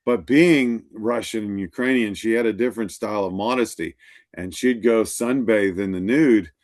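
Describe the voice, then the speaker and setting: A man's voice: fairly low pitch, normal speed, a little mellow. A middle-aged male instructor lecturing to a class, telling stories and acting out the dialogue. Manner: storytelling, acts out quoted dialogue.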